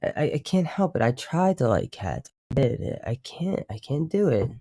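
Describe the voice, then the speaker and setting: A man's voice: mid-range voice, big pitch swings, moderate pace, mellow, dry recording, studio quality. Rambling, cussing male streamer. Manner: rambling, profane, self-interrupting. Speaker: livestream host. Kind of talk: casual live stream chat.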